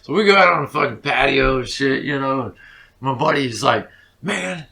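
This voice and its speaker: A man's voice: mid-range voice, expressive, brisk, gravelly, bright, forceful tone. A man, a musician guest telling rambling stories in a casual interview, full of swearing and fillers.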